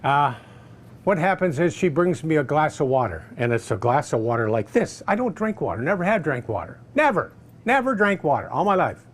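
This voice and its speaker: A man telling a personal story casually, animated and acting out other people's voices. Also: on the high side, a little fast. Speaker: customer giving a testimonial.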